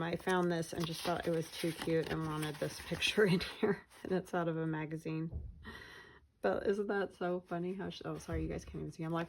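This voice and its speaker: A woman with a lowish, gravelly voice gives a relaxed walkthrough of her craft project. She talks in a chatty, meandering way and often trails off mid-thought. A faint hiss sits under her voice. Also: rough recording. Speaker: craft vlogger. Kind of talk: casual journal flip-through narration.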